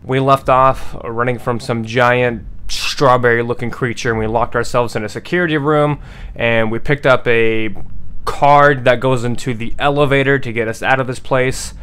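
A young man hosting a horror game let's-play, talking casually and reacting out loud with disgust and swearing. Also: mid-range voice, fairly even intonation, normal speed, clean tone. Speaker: gaming let's-play host. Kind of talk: casual gameplay commentary.

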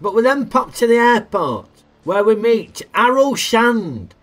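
A man's voice: very high-pitched, very animated, unhurried, a bit bright. A man giving a chatty, jokey film review full of tag questions. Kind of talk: casual film review narration.

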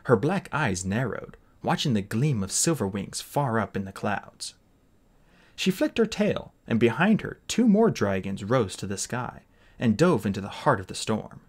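A man reading a fantasy novel aloud as an expressive audiobook narrator. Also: mid-range voice, measured pace, slightly rough. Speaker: audiobook reader. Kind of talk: storybook narration.

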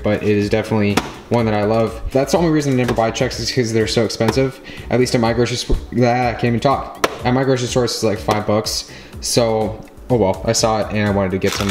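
A man chats to his viewers in a loose, rambling vlog, tossing in jokes as he goes. His voice sits at an ordinary middle pitch. Music plays steadily behind him. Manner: chatty, rambling, jokey. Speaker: vlogger. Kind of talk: casual vlog talk.

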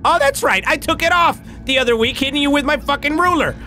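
A man's voice: very high-pitched, fast talker, bright, forceful tone, faint music behind, pitched above the performer's own voice, full character voice. A man voicing a crude, scolding female schoolteacher in a mock-lecturing tone.

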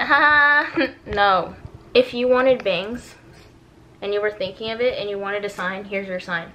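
A woman's voice: fairly high pitch, brisk, pushed and bright, slight background noise. A young woman vlogging casually at home, dramatic and exasperated, mocking herself. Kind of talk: casual vlog. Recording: echoey room, camera a bit distant.

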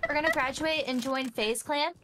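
A woman joking and teasing in casual chat while gaming, over loud game gunfire. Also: high voice, normal speed, heavy background noise. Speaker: guest streamer.

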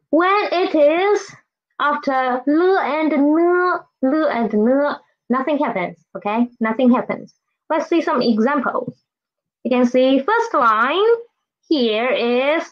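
A woman with a high voice teaches a Mandarin lesson at an unhurried pace. She repeats each sound several times and keeps checking in with her listeners. The recording is a little dull and lo-fi. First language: Filipino. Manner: slow, patient, repeats each sound and asks "right?" and "okay?". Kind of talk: online language lesson.

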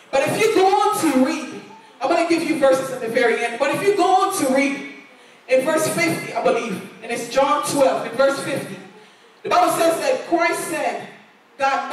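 A woman preaching a sermon in a church, earnest and repeating lines for emphasis. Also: high voice. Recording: echoey church hall, voice from far off.

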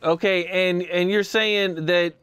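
A male interviewer asks calm, probing questions. His voice sits high and sounds smooth and clear. He leads a guest through a story step by step. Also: slow.

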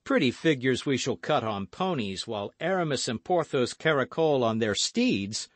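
A man's voice: mid-range voice, sing-song, moderate pace, no room sound. A man voicing an eager, hot-headed young male swordsman in an audiobook.

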